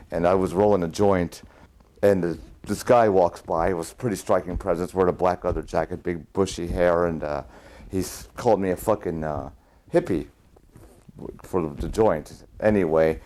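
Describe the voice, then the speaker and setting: A man recalling a night at a concert, halting with fillers, in a documentary interview. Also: low voice, darkish tone.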